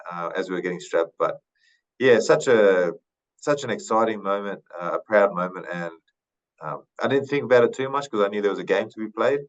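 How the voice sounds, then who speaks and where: A man in his thirties from Papua New Guinea talks through his memories slowly, with many ums and restarts. His voice sits low, and the podcast audio sounds dull and lo-fi. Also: animated. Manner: thoughtful, unhurried, many fillers and restarts. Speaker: podcast guest, retired rugby league player. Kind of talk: casual interview storytelling.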